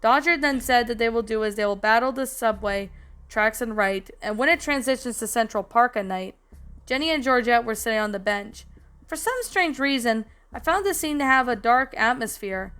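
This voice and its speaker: A woman's voice: on the high side, animated, normal speed, fairly bright tone, clear, resonant tone. A woman reading a fan story aloud in a casual way with a few slips, adding her own comments. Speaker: story narrator and reviewer. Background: background music.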